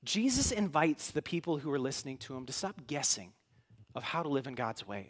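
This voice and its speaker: A tired man preaching a sermon in a church hall, earnest and halting, with many restarts, and moved to emotion at times. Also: medium pitch, animated. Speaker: pastor.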